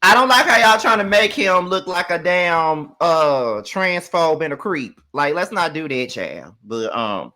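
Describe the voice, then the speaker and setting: A man's voice: fairly high pitch, expressive, unhurried, hardly any pauses, pushed and bright. A man from Mississippi, recapping a reality show in sassy, profane, emphatic rants. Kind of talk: casual ranting commentary.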